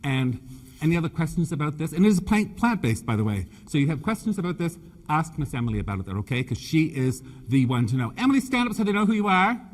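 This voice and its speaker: A man's voice: on the high side, very animated, quick pace. A Canadian man with a slight British lilt, giving a chatty, joking live floral design demonstration to an audience. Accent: Canadian with a British touch. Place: large exhibition hall. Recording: long hall reverb.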